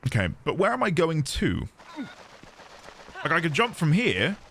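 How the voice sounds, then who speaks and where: A man's voice: a little high, huge pitch swings, a little slow, fairly bright tone, slight background noise. A man chatting casually on a live game stream, rambling and self-deprecating.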